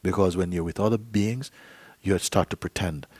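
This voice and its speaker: A man's voice: low-pitched, moderate pace, darkish tone, slightly rough, no echo. A man giving a spiritual talk to a gathering. He talks playfully, acts out little dialogues and laughs often. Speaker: spiritual teacher. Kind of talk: satsang talk. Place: meeting hall.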